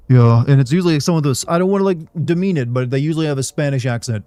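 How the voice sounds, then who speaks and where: A man's voice: a little high, very fast, hardly any pauses, mellow, no echo. A young man chatting casually on a livestream, rambling and candid as he talks to his viewers.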